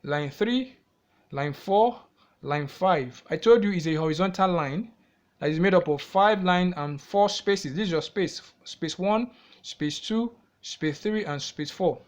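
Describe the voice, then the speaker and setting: Nigerian-accented male music tutor, slightly high voice, repetitive, checks in with questions. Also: a little slow. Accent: Nigerian English. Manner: repetitive, asks the viewer questions and answers them himself. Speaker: music teacher. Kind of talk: classroom-style music theory lesson.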